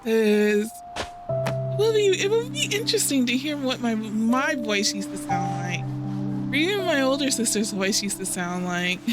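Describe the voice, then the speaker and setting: Chatty high-voiced woman over game music. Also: big pitch swings, unhurried. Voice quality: fairly high-pitched voice. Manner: rambling, laughs often, self-interrupting. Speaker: gaming channel host. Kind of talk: casual chatty let's play commentary. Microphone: home desk microphone.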